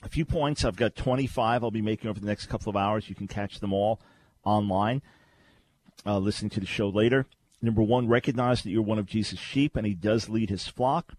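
A man's voice: lowish voice, fairly quick, a little mellow, no room sound. Earnest male radio talk show host. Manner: earnest, conversational, frequent restarts. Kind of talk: Christian radio teaching and call-in. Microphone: studio microphone.

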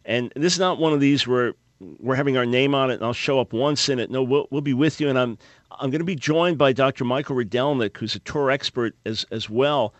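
A man in his late fifties hosts a call-in radio show, speaking earnestly and cheerfully, often doubling back on a word mid-sentence. His voice sits in an ordinary middle pitch. The studio sound is dry and close. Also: brisk, no echo. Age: 50s. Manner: earnest, upbeat, repeats words when restarting. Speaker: radio talk show host. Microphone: studio microphone.

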